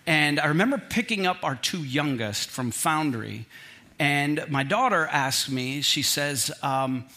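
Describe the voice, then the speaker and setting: A middle-aged pastor delivers a sermon built around personal storytelling, speaking unhurriedly in a bright, forceful voice pitched a little high. He tells his story animatedly, pokes fun at himself and keeps things humorous.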